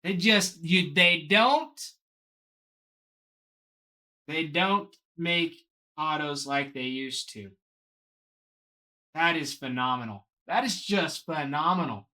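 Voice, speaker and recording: A man's voice: on the high side, lively intonation, takes it slowly, long pauses, sharp tone. A man hosting a live card box break, talking to viewers by name and gushing over each card.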